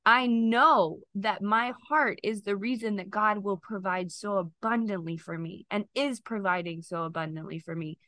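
A woman's voice: medium pitch, normal speed, hardly any pauses, sharp tone, no room sound. A woman podcast guest sharing an emotional personal testimony in an earnest, faith-filled way, close to tears.

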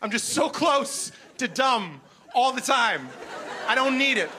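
A man doing a stand-up comedy set on stage, animated and self-mocking. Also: very high voice, a little slow, breathy edge, some chatter behind. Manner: animated, self-mocking, slips into goofy voices. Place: comedy stage before a live audience.

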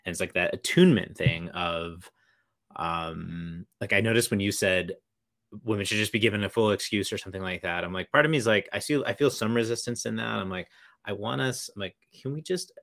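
A man's voice: fairly low pitch, fairly quick, a bit bright. A man co-hosting a podcast, speaking reflectively and hesitantly with many fillers. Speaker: podcast co-host. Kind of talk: casual podcast conversation.

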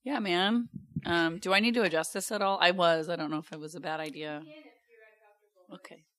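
A woman's voice: on the low side, steady tone, moderate pace. A woman in her thirties, a podcast guest chatting casually with a wry, self-deprecating humor. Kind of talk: casual chat.

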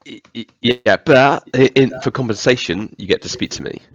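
A man's voice: medium pitch, moderate pace, no echo. Laid-back man on a dull, dry mic. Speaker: podcast co-host. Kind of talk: casual podcast chat.

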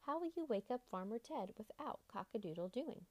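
A woman's voice: fairly high pitch, animated, brisk. A woman voicing hungry, dismayed farm pigs in a children's storybook reading, stretching her words.

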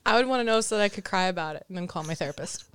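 A young woman co-hosting a podcast in casual chat, expressive and giggly, easily moved. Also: mid-range voice, rapid-fire, smooth, dry recording, clean studio sound. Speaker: podcast co-host.

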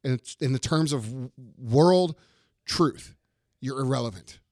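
A man's voice: mid-range voice, measured pace, darkish tone, no room sound, studio quality. A middle-aged man hosting a podcast, delivering a blunt, profane motivational rant and repeating his lines for emphasis. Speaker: podcast host.

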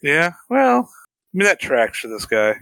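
A man's voice: a little high, very animated, measured pace, fairly bright tone, dry recording. A man co-hosting a podcast, making dry, wry remarks in casual chat. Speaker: podcast co-host.

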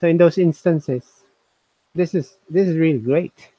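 A man hosting a casual review chat, talking in halting bursts and repeating his words. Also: on the high side, dark tone, no room sound, low-quality recording. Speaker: host reviewing software.

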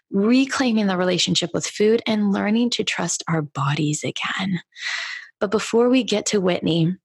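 A woman's voice: medium pitch, vocal fry, husky. A bubbly woman hosts a podcast, chatting casually and laughing often. Her talk is loose and enthusiastic, with the odd swear word. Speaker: podcast host.

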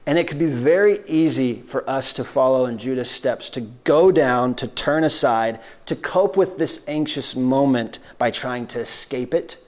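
A man preaching a sermon as pastor, conversational, with frequent restarts and quick acted-out voices for biblical characters. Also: mid-range voice, a little mellow.

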